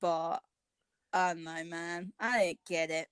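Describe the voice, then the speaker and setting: A woman's voice: on the low side, slow, clean tone, dry recording. Theatrical, gushing woman. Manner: gushing and theatrical, with gasps and cackles. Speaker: podcast co-host. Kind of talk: casual chat.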